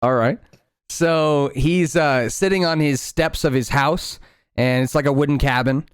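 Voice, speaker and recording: A man narrating as game master, crisp voice. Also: fairly high pitch, a little slow. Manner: rambling, lots of fillers and restarts.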